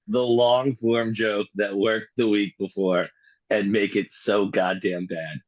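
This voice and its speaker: Man, podcast co-host, sarcastic, cursing, lowish voice, dry close mic. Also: steady tone, slow, dry recording, dull audio. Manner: sarcastic, profane teasing. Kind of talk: casual banter.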